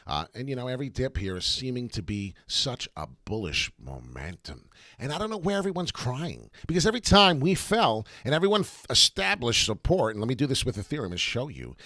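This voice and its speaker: Man, low voice, lively pitch, excited chart commentary, repetitive, rhyming asides. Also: dry recording, studio quality. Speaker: crypto chart analyst host.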